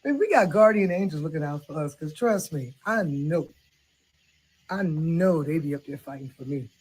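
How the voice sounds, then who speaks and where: A woman's voice: low voice, animated, moderate pace, a little mellow, slightly rough, low-quality recording. Woman doing a sassy middle-aged auntie type, blunt and preachy, comedy sketch. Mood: heartfelt advice. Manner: sassy, preachy, laughs through advice. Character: outspoken middle-aged woman advising her cousin.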